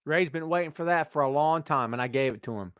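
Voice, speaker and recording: A man's voice: fairly high pitch, quick pace, clean tone, dry recording, studio quality. A middle-aged man hosting a casual wrestling podcast, rambling and joking as he talks to his co-hosts and listeners. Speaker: podcast host.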